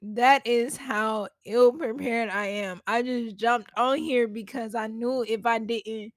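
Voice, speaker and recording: A woman hosts a casual solo podcast from home, talking straight to her listeners in a chatty, slangy way. Her voice sits a little high and she takes her time with her words. The recording is dry and close, with almost no room sound. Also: steady tone, slow, hardly any pauses, no echo. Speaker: podcast host. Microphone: podcast mic at a laptop.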